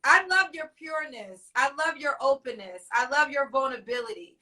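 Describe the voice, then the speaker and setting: A woman's voice: sits high, lively intonation, brisk, bright, forceful tone, distant mic. A woman hosting a live online talk show, effusive and emotional as she speaks. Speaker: host.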